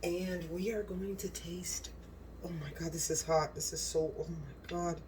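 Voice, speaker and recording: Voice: medium pitch, fairly even intonation, unhurried, a little mellow, far from the mic, a little hiss or hum. A cooking channel host in a home kitchen, gushing and exclaiming as they talk straight to viewers while tasting the food.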